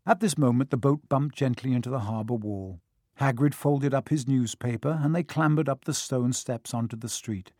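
Husky male audiobook narrator. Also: mid-range voice, moderate pace, no room sound, clean studio sound. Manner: steady storytelling. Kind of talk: scripted narration.

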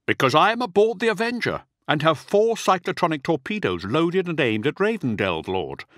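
A loyal officer speaks in an earnest, measured way, pitched noticeably above the narrator's own voice, as a man puts him on. The sound is close and dry. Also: sing-song, fairly bright tone, no room sound. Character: loyal, calm male officer pleading.

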